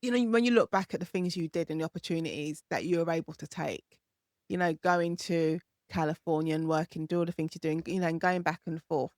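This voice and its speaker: A woman's voice: sits low, a little mellow, no echo, studio quality. A woman hosting an interview podcast, chatty and encouraging. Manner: chatty, encouraging, quick to laugh. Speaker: podcast host. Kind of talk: conversational interview.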